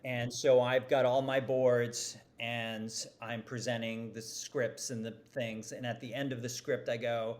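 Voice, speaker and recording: Animated man telling work stories. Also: medium pitch, a little slow, few pauses. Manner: animated, self-deprecating storytelling. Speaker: advertising executive guest. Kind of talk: podcast interview.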